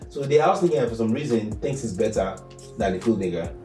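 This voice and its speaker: Low, mellow Nigerian man, off-mic. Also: reverberant, recorded from a distance, soft background music. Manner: relaxed, musing, quick filler agreements. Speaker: podcast co-host. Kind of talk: casual podcast chat.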